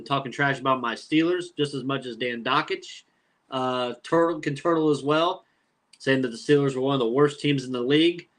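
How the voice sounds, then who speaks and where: A man in his thirties, his mid-range voice a bit bright, co-hosts a sports podcast. In casual chat, he talks trash about a fan of a rival team.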